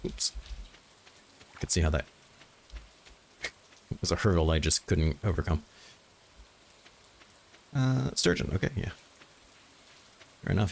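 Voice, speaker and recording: A man's voice: low voice, expressive, unhurried, creaky, pauses often, a little hiss or hum. A man casually commentating a farming game as he plays, thinking aloud and dropping dry, self-mocking jokes. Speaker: gaming channel host. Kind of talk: casual let's-play commentary.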